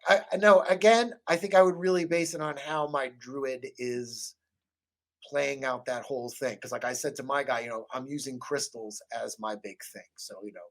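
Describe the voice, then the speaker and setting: A man's voice: medium pitch, steady tone, moderate pace, a bit bright. A man in casual podcast chat about tabletop games who rambles, swears and acts out quotes from his table. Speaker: podcast guest or host talking tabletop games.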